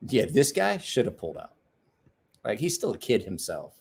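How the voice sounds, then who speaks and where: A man hosts a casual livestream in a lively, swinging voice. He rambles through profane stories and laughs often. He keeps turning to answer his viewers. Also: fairly low pitch, moderate pace, creaky, husky. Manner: talks back to viewers' comments. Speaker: livestream host. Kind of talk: casual live-stream chat.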